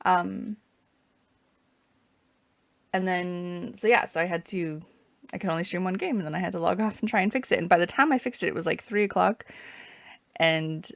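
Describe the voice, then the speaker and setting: A woman's voice: mid-range voice, vocal fry, no echo. A woman from Canada chatting casually and wryly while streaming a strategy game, rambling between moves. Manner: chatty, rambling, wry asides.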